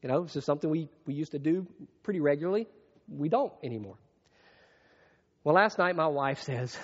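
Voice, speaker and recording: Male pastor, sermon delivery, dynamic from hushed to emphatic; echoey hall. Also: on the high side, animated, normal speed, long pauses. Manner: swings from hushed reflection to raised emphatic preaching. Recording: muffled long-reverb hall sound.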